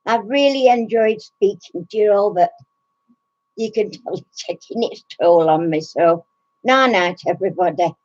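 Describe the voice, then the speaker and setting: A woman's voice: mid-range voice, moderate pace, darkish tone, muffled recording. A woman in her sixties, out of breath, chatting casually and giggling with live stream viewers, greeting them by name. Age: 60s. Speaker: craft channel host.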